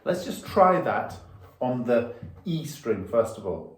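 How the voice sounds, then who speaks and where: A man's voice: mid-range voice, sing-song, normal speed, loud music behind the voice. A man giving a violin lesson, patiently explaining rhythm and counting the beats aloud. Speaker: violin teacher. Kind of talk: music lesson. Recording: echoey room.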